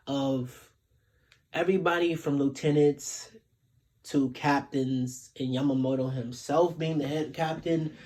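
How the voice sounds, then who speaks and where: A man's voice: mid-range voice, a little mellow. A man casually recapping an anime episode in a laid-back, slangy way, retelling scenes with lots of filler.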